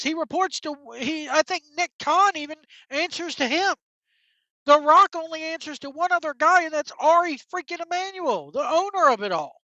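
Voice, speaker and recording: A woman with a high voice talks straight at the listener in an exasperated, profane solo rant. The sound is dry and dull, with a lo-fi edge. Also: animated, moderate pace, bright, forceful tone, no echo. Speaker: wrestling commentary host.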